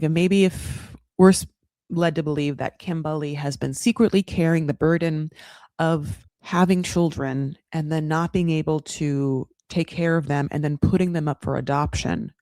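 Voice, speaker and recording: A woman's voice: fairly low pitch, darkish tone, no room sound. A woman hosting a podcast, recapping a reality show in a casual, rambling, freely swearing commentary.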